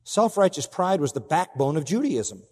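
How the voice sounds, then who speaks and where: A man preaching an expository sermon as pastor, emphatic, with big swings in pitch and loudness and rhetorical questions to the congregation. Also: big pitch swings, normal speed, breathy edge, big-room sound.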